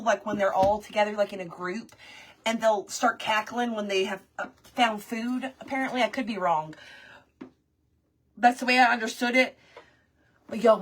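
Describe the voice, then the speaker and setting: Chatty husky woman crafting live. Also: fairly high pitch. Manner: chatty, animated, reads viewer comments aloud, laughs often. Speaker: crafter livestreaming a project. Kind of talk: casual livestream chat while crafting.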